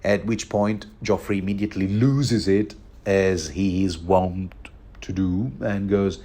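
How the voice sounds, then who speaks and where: Rambling man with a low voice. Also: steady tone, measured pace, warm tone. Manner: rambling, chuckling, many fillers and restarts. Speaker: book commentator. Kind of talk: rambling casual commentary.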